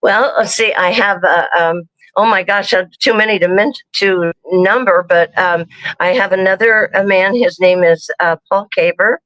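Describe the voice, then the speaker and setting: A woman's voice: medium pitch, a bit bright, dry recording, low-quality recording. A woman, a guest chatting casually and laughing easily. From Kentucky. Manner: friendly, quick to laugh. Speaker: radio show guest.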